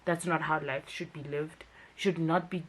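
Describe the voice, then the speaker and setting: A woman's voice: low voice, steady tone, normal speed, fairly bright tone. A young woman, reviewing a TV series in a casual, chatty commentary vlog. She talks emphatically, with frequent fillers.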